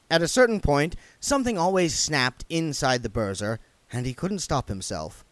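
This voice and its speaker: A man reading a comic novel aloud in lively, expressive narration. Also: on the high side, moderate pace, few pauses, no echo. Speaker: reader.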